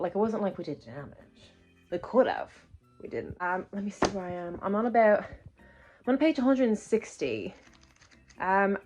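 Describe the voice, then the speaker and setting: On a reading vlog with slightly dull lo-fi sound and faint background music, a young woman rambles casually, restarting sentences and saying "like" a lot. Her voice is mid-range with a darkish tone.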